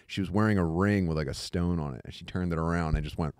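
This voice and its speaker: A man's voice: sits low, quick pace, darkish tone, smooth, no echo, clean studio sound. A man hosting a comedy podcast, chatting casually and riffing playfully on others' stories. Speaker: podcast host.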